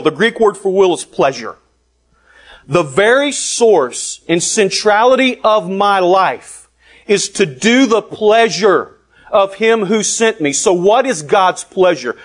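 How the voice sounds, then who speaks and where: A man preaching a sermon, deliberate and emphatic, with long pauses. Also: sits high.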